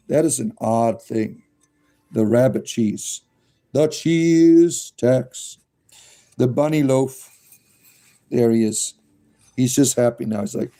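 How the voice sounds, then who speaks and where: A man's voice: mid-range voice, slow pace, mellow. A man live streaming in a casual chat, cooing at his pets in a playful, rising baby-talk voice.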